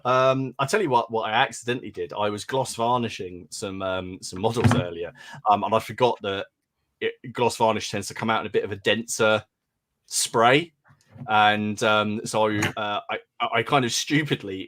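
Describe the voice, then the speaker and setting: A man's voice: medium pitch, fairly bright tone. A man from England hosting a hobby podcast in casual chat, reading out listener names and laughing often. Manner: chatty, laughs often, stumbles over names. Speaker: podcast host.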